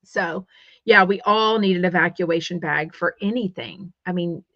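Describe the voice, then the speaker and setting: A woman's voice: lowish voice, a bit bright, dry recording, dull audio. Rambling woman podcast host, dry sound. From Texas. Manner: rambling, quick, reads listener comments aloud. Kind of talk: casual podcast chat.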